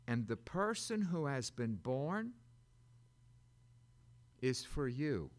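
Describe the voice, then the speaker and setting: Animated, slow-paced male preacher. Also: mid-range voice. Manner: dramatic, emphatic preaching with sudden loud bursts and asides. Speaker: preacher and Bible teacher. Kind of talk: sermon.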